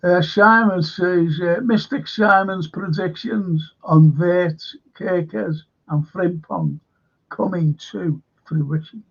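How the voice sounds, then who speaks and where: A man's voice: sits high, slow pace, husky. An older man hosting a casual livestream, rambling with many fillers and repeating himself as he reads the chat. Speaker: livestream host reading chat. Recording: dull lo-fi stream audio.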